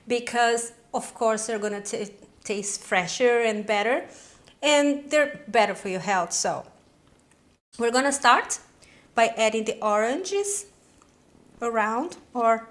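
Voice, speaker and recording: Bubbly woman hosting a cooking show. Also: a little high. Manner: enthusiastic, exclamatory, chatty. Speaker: cooking channel host. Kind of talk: cooking demonstration.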